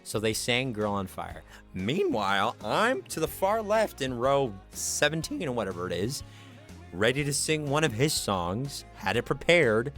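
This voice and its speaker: A man hosting a livestream, telling a story in casual chat, animated and acting out the people he quotes. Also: mid-range voice, a little slow, soft background music. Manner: animated, acts out quoted voices. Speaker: livestream host.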